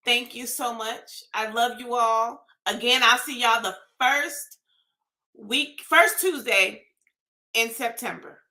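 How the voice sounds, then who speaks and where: A woman delivers an emotional rant to camera, pleading and at times shouting. Her voice sits high and sounds bright and sharp. The room around her is echoey. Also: takes it slowly. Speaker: vlogger. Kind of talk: impassioned personal rant to camera.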